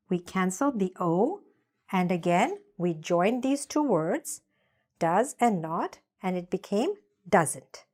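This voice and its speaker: A woman teaching English grammar in a patient way, saying example sentences slowly so learners can repeat them. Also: mid-range voice. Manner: slow, patient, spells out examples slowly for repetition. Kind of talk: grammar lesson with repeat-after-me drills.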